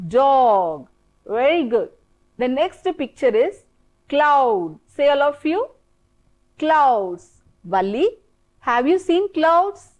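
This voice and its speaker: Slow, lilting woman teacher with an Indian accent. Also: sits high, darkish tone, poor audio. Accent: Indian English. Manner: slow, repetitive, coaxing drill-style prompting. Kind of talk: televised classroom English lesson.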